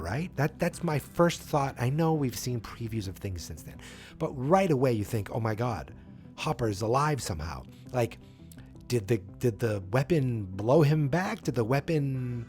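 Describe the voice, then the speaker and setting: A man hosting a podcast, recapping an episode in a casual, animated storytelling way. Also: medium pitch, normal speed, faint music behind. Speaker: podcast host.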